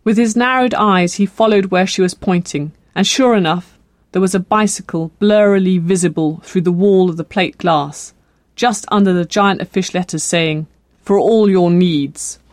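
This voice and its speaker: Measured audiobook narrator, dry sound. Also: medium pitch, fairly even intonation, no room sound. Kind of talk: scripted narration.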